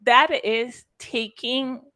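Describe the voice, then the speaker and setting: A woman's voice: on the high side, flat delivery, very slow, bright, forceful tone. A woman organizing a conference and speaking with effusive emotion and frequent restarts. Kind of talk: heartfelt conference talk.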